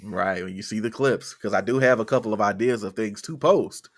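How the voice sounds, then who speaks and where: A man's voice: lowish voice, brisk. A man co-hosting a music podcast in casual, jokey chat. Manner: animated, jokey, breaks into loud impressions. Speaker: podcast co-host.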